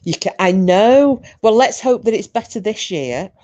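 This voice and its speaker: A woman's voice: mid-range voice, expressive, a little slow, darkish tone, muffled recording. A middle-aged woman hosting a casual livestream from home, chatting and laughing through bawdy banter with her viewers. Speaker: livestream host. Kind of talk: casual chat with live chat viewers.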